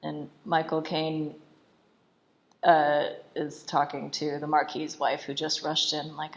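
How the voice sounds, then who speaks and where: A woman's voice: deep voice, monotone, takes it slowly, muffled recording. Chatty woman retelling a film. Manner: chatty, retells scenes with "he's like", laughs. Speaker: film commentator. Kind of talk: casual film commentary.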